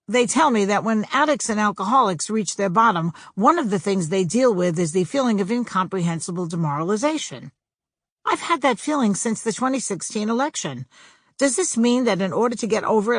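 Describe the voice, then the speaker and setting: A woman's voice: mid-range voice, dry recording, clean studio sound. A woman reading her own humorous book aloud as an audiobook, with a wry, sardonic delivery that lands each punchline.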